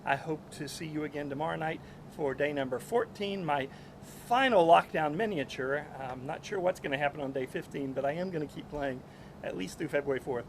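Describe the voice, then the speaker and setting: Guy chatting on his live stream, kinda high voice, self-deprecating, city traffic rumbling loud behind. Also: fairly quick. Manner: chatty, self-deprecating, hesitant with many ums. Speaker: musician hosting a daily live stream. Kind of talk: casual live-stream chat. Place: rooftop outdoors. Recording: outdoor stream with traffic noise.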